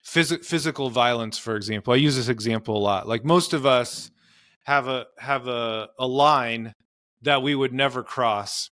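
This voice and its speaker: A man's voice: mid-range voice, normal speed, fairly bright tone, no room sound, clean studio sound. A man, a marriage and family therapist, explaining in earnest conversational interview advice with frequent fillers. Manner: earnest, explanatory, many "you know" fillers.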